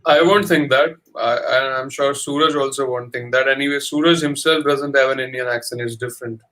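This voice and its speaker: A man's voice: medium pitch, steady tone, a little fast, a bit bright. A man in casual chat who teases and laughs easily, with a melodic way of speaking.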